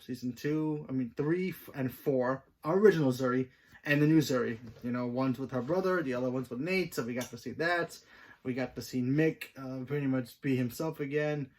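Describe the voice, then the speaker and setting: A man's voice: medium pitch, darkish tone. A man hosting his own channel, giving a casual, rambling review of a TV episode with plenty of fillers and restarts. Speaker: host.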